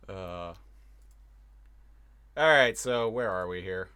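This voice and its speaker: Slow, low-voiced man recapping on a podcast. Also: clear, resonant tone. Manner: relaxed, deliberate recapping with hesitations. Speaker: podcast co-host. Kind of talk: casual chat, recapping an episode.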